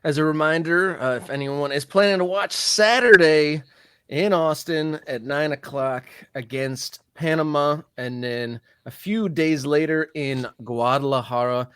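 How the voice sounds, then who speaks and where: A man's voice: a little high, unhurried, fairly bright tone, clear, resonant tone, dry recording. A man co-hosting a casual sports podcast, talking in a hesitant, rambling way with many restarts. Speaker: podcast co-host.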